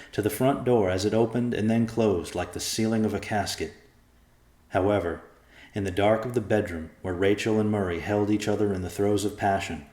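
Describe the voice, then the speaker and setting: A man narrating a dark story in a steady, dramatic audiobook reading, recorded in an echoey room. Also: low voice.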